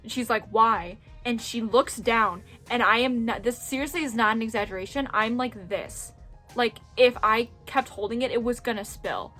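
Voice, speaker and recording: Lively young woman telling stories. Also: a little high, moderate pace, faint music behind. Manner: animated, chatty, swears freely, acts out quotes. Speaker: vlogger. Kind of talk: casual storytelling.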